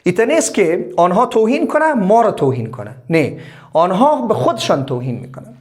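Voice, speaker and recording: Lively high-voiced man teaching grammar. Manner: explains slowly in English and fast in Persian. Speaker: English teacher. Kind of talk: bilingual grammar lesson.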